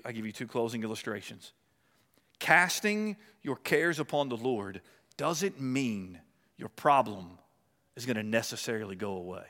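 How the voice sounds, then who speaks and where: A man preaching a sermon with impassioned delivery, swinging between loud and hushed. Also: mid-range voice. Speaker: pastor. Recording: long reverb of a large hall.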